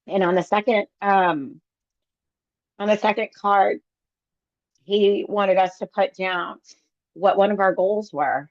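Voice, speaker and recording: A middle-aged woman talking through a book in a casual group discussion, reflective and halting, with many pauses and fillers. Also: mid-range voice, fairly even intonation, no echo, dull audio. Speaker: book club member.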